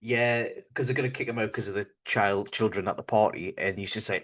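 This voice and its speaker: A Northern English man co-hosting a casual podcast chat with a somewhat low voice. He tells stories in a relaxed, rambling way, full of ums and restarts. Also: brisk. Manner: relaxed storytelling with many fillers. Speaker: podcast co-host.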